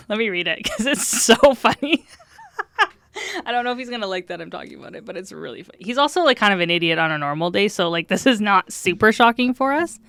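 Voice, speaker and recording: A woman's voice: mid-range voice, expressive, fast talker, fairly bright tone, no echo. Young woman chatting on a podcast, laughs a lot mid-story, dry close sound. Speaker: podcast co-host. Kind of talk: casual chat.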